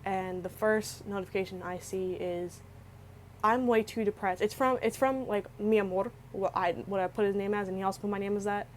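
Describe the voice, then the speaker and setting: A woman's voice: mid-range voice, steady tone, fairly quick, hardly any pauses, a little mellow, a little hiss or hum, rough recording. A young woman on the verge of tears, rambling through a personal story with many restarts and filler words. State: tearful, close to crying. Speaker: vlogger. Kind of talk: emotional storytelling.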